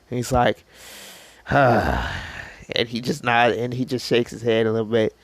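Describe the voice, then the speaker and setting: A man's voice: mid-range voice, dry recording. A man casually narrating an improvised fan story, rambling and self-deprecating.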